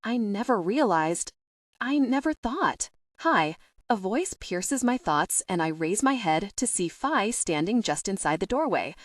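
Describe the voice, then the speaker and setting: A woman narrating a first-person novel in an expressive storytelling voice. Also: mid-range voice, measured pace, no echo, studio quality, distant mic. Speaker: audiobook narrator.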